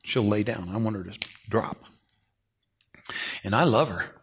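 A middle-aged man preaching a sermon in a folksy, animated storytelling way. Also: lowish voice, measured pace, breathy edge. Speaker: pastor.

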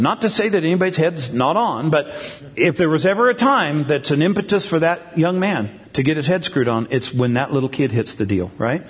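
A man's voice: fairly high pitch, expressive, fairly quick. A middle-aged male pastor giving a conversational sermon, often repeating words and asking the crowd "right?". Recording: long hall reverb.

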